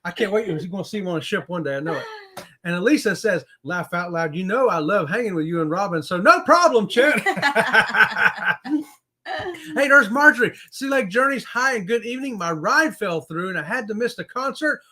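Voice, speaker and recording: A man's voice: high-pitched, expressive, normal speed, bright, forceful tone. A man co-hosting a live chat, joking and greeting viewers by name. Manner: playful, jokey, laughs often, greets viewers by name. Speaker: livestream co-host.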